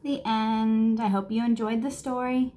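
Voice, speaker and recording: A woman reading a picture book aloud to children, playful and expressive, sometimes dropping to a whisper and sometimes rising in excitement. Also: a little high, measured pace. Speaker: children's storybook reader.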